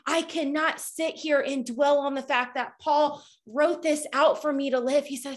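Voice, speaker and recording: A woman in her thirties giving a fervent, preachy faith talk to her followers, at times nearly yelling. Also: high-pitched, fairly even intonation, a little slow, few pauses. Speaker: Christian speaker. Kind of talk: impassioned faith talk to a social media audience.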